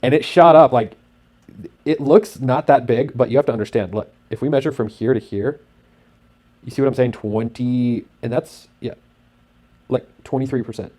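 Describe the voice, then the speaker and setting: A man narrating casually over his screen as host, talking in an excitable, rambling way with lots of fillers. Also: medium pitch, moderate pace. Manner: acts out sound effects and his own thoughts.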